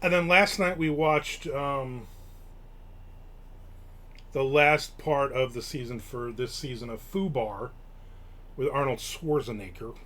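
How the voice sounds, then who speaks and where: A man's voice: medium pitch, takes it slowly, pauses often, pushed and bright. A man from Newark, hosting a live stream and telling rambling, casual stories with offhand swearing. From Newark, New Jersey. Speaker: show host.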